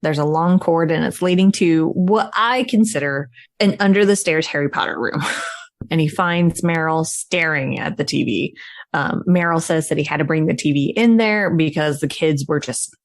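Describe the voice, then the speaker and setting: A woman's voice: sits low, moderate pace, dry recording, studio quality. A woman casually recapping a film as a podcast co-host, chatty and laughing often. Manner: chatty storytelling with frequent laughs.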